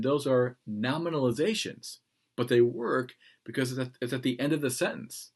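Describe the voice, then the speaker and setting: A man teaching a class on writing, lecturing with emphatic, animated delivery and playful asides. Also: mid-range voice, moderate pace.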